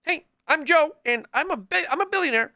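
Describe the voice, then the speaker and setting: A man's voice: extremely high pitch, animated, brisk, bright, forceful tone, voice pushed up, full character voice. A man doing a chirpy meek billionaire guy. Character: bland, meek adult male billionaire.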